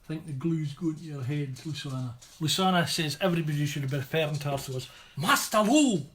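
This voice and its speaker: A man's voice: fairly high pitch, lively intonation, fairly quick, fairly bright tone. A man with a Scottish accent reading out viewer comments on a casual livestream, teasing and joking.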